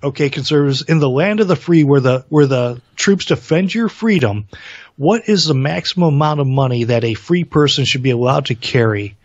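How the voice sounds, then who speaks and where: A man's voice: medium pitch, a little fast, no room sound, lo-fi sound. A male co-host in casual political chat who talks earnestly and reads quotes aloud.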